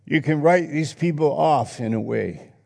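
In a church hall with a long reverb, a male pastor reads scripture aloud during an earnest, reflective sermon. He speaks unhurriedly in a fairly high voice that is creaky with a warm tone.

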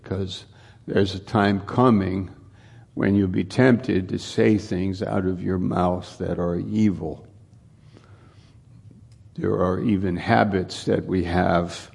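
A male pastor preaching a sermon, unhurried and often repeating or restarting his words. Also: deep voice, vocal fry, a little mellow, breathy edge.

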